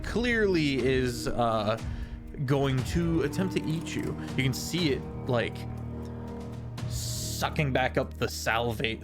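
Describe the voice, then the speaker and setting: Slow-narrating man running a tabletop game. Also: medium pitch. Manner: slow, halting descriptive narration. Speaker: dungeon master. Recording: game music playing behind.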